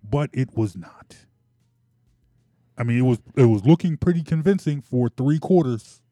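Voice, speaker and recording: A man hosting a sports talk show, exasperated and animated, often repeating himself. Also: medium pitch, moderate pace, dry recording, studio quality, soft background music.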